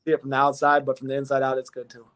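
Modest young man, fairly flat delivery. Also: medium pitch. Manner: measured, modest, restarts phrases. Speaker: guest football player. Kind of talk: casual interview.

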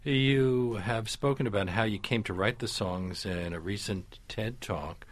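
A man's voice: fairly low pitch, measured pace. A man hosting a broadcast interview, asking questions in an inquisitive, conversational way. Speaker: radio interviewer, host.

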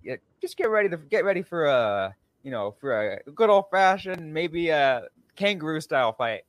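A man's voice: fairly high pitch, very animated, moderate pace, no echo. Upbeat male podcast host, dry sound. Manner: upbeat opening, then loose hesitant chat with fillers. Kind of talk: casual sports podcast chat.

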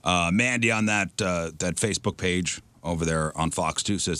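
A man hosting a radio show, chatting casually and joking with animated emphasis. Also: sits low, normal speed, no echo. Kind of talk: casual chat.

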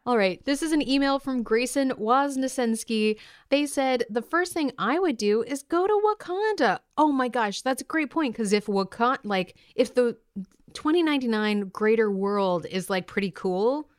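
A woman from New York's Hudson Valley co-hosting a podcast, bubbly and excitable while she reads listener mail. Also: a little high, normal speed, clean tone. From Hudson Valley, New York. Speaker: podcast co-host. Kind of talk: casual podcast chat.

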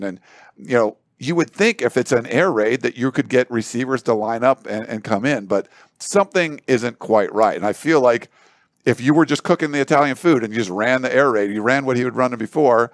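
A man's voice: mid-range voice, no room sound, clean studio sound. A man giving sports analysis on a panel show, talking in a loose, rambling way with lots of fillers. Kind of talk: casual panel discussion.

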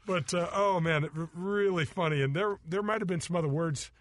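A middle-aged man tells golf stories on a radio show, animated and full of laughs. His voice sits a little high for a man, and the sound is dry and close. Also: fairly quick, dry recording. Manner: animated storyteller, acts out voices, laughs often. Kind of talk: casual storytelling chat.

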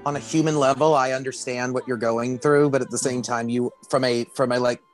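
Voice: mid-range voice, fairly even intonation, fairly quick, soft background music. A podcast co-host in casual chat, speaking thoughtfully and hesitantly, with frequent restarts.

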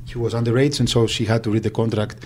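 A man with a Greek accent recalling events in an interview, halting speech with many fillers and restarts. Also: medium pitch, steady tone, a little mellow, a little hiss or hum. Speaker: agent. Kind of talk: interview recollection.

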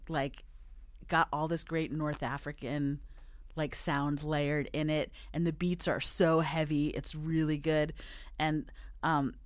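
A woman's voice: deep voice, dry recording. A woman hosting a podcast in casual chat, gushing and playful with lots of slang. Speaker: podcast host.

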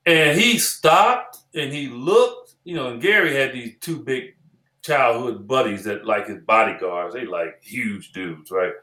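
A man in his sixties, a former basketball player, tells animated stories in an interview, acting out the dialogue and repeating phrases. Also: mid-range voice. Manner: animated storyteller who acts out quoted dialogue and repeats phrases. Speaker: former basketball player and analyst as podcast guest. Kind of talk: storytelling interview chat. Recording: roomy echoey room.

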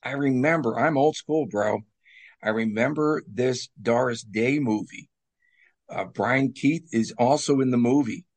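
Man co-host, mid pitch with gravelly texture, playful sports-talk delivery. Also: a little slow. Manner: jokey, laughs at his own bits. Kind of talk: casual hockey talk.

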